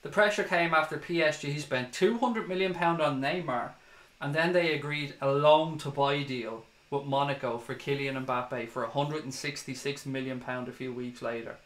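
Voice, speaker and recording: A man's voice: fairly high pitch, moderate pace, fairly bright tone. Irish male fan-channel host, ranting and profane, echoey room. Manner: heated, swearing, ranting. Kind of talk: livestream commentary reading comments.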